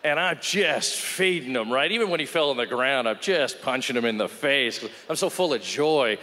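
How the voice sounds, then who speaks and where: Man, stand-up comedian, animated storytelling, acted-out voices, live stage, long hall reverb. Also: medium pitch, moderate pace.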